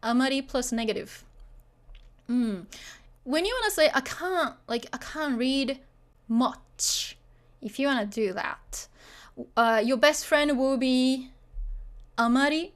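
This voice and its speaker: A woman's voice: high-pitched, takes it slowly, long pauses. A woman teaching a beginner Japanese lesson, chatty and full of fillers, often checking that the learners follow.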